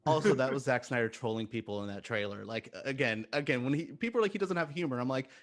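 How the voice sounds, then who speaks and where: A man's voice: mid-range voice, animated, quick pace. A man on a film podcast panel, chatting in a rambling, enthusiastic, jokey way. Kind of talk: casual roundtable chat.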